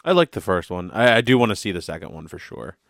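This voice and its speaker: A man co-hosting a podcast in casual chat, throwing in quick jokes. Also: sits low, big pitch swings, vocal fry, a bit bright, no room sound, clean studio sound. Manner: quick joking interjections. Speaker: podcast co-host.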